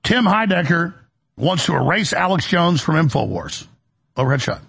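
A male show host rants into the studio mic with a heavily gravelly, husky voice. He rambles in an agitated way, repeats himself and restarts sentences over and over. His voice sits a little above the usual male pitch. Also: big pitch swings, moderate pace, fairly bright tone. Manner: agitated, repetitive, with many restarts. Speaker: radio and web show host. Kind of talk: rambling broadcast monologue. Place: broadcast studio.

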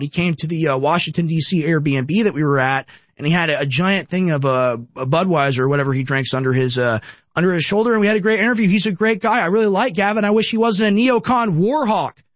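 A man's voice: fairly high pitch, quick pace, dry recording. A young man hosting political commentary, emphatic and ranting, firing off repeated rhetorical questions.

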